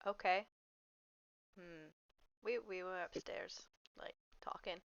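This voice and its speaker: A woman's voice: fairly low pitch, fairly even intonation, takes it slowly, gravelly, dry recording, dull audio. A woman playing a tabletop role-playing game, musing aloud with trailing fillers. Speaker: player. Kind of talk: casual tabletop play.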